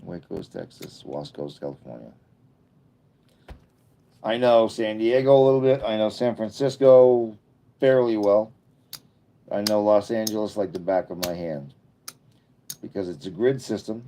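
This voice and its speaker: A man's voice: on the low side, a little slow, long pauses, warm tone, slight background noise. A man in his fifties chatting casually on a livestream, rambling through jokey asides as he reads and answers comments. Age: 50s. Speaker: livestream host.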